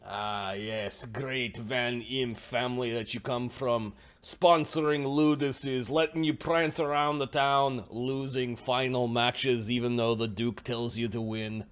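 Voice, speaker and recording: A man's voice: medium pitch, steady tone, takes it slowly, hardly any pauses, smooth, close to an everyday voice. A man voicing a shrewd, menacing male bookie with a put-on Russian-style accent and broken grammar.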